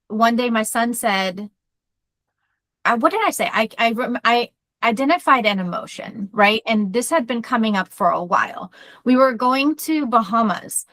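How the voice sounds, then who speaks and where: A woman therapist co-hosting a podcast, talking in a loud, energetic way as she tells personal stories in casual chat. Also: a little high, dry recording.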